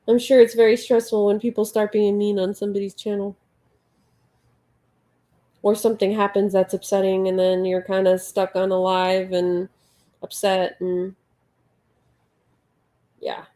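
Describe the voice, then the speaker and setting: Woman, casual livestream host, mid-range pitch, chatty, counts stitches softly, reads chat aloud. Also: little pitch movement, a little slow, long pauses. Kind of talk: casual live chat while crocheting.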